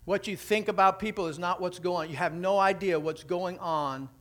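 A man preaching a sermon, telling stories with animated, acted-out quotes. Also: high voice, normal speed. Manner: animated storytelling, acting out quotes. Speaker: pastor.

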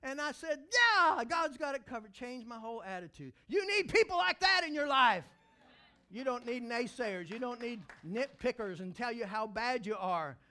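A man preaching a sermon as pastor, telling animated stories and breaking into loud excited shouts. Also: very high-pitched, normal speed.

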